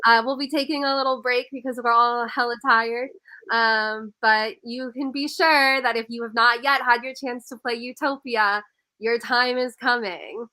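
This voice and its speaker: A woman hosting an online game finale, announcing votes with slow suspense. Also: fairly high pitch, pushed and bright, rough recording. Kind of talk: slow, drawn-out vote reveal.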